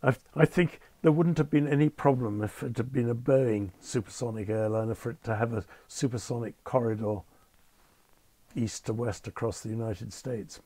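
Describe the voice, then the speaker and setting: An older man telling stories as a podcast guest, wry and understated, with polite, measured phrasing. His voice is slightly husky and the recording is close and dry. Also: mid-range voice, dark tone, no echo. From United Kingdom. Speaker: retired Concorde captain, guest. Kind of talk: anecdotal interview storytelling.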